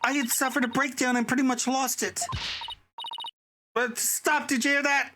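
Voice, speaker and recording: A man's voice: very high-pitched, flat delivery, moderate pace, noisy background, pitched above the performer's own voice. A man voicing a distraught young female college student in a game, stammering and pleading. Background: game music.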